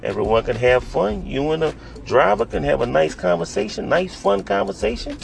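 A man's voice: on the high side, expressive, normal speed, gravelly. A man, a rideshare driver, lecturing passengers straight to camera and often asking if they understand. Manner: lecturing, scolding, keeps asking "you understand?". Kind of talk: direct-to-camera advice monologue.

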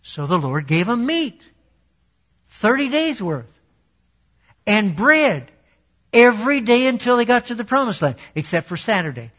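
Brief: male preacher, high voice, casual and self-deprecating, on a dull lo-fi recording. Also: very animated, measured pace, long pauses, fairly bright tone. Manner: conversational, self-deprecating, laughing asides. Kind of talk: sermon.

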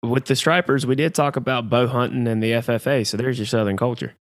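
A man's voice: medium pitch, fairly even intonation, fast, background noise. A man co-hosting a podcast in casual sports chat, telling stories with restarts. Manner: chatty, tells stories with restarts. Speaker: podcast co-host.

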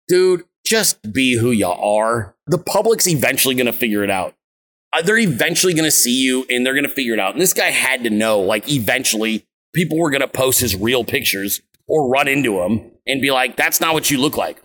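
Heavy swearing fills this casual livestream rant from a man in his thirties who hosts a political show, mocking and brash as he talks outdoors on a windy vacation. His voice is medium in pitch with a fairly bright tone.

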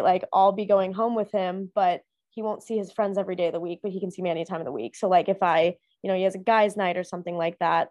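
A woman's voice: medium pitch, a little mellow, no room sound, muffled recording. Young woman, casual monologue, rambling with fillers, dry close sound. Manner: rambling, heavy use of "like" and fillers. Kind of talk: casual personal chat.

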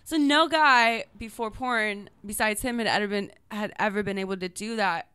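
A woman's voice: mid-range voice, moderate pace, sharp tone, clean tone, no room sound. A young adult woman chatting candidly as a podcast guest, giggling as she tells stories. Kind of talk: casual chat.

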